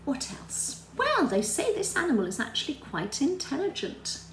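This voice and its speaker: A woman telling a story lesson to young children, animated and sing-song, often quizzing her listeners. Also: sits high, moderate pace, echoey room, a little hiss or hum, rough recording. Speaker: children's religious teacher.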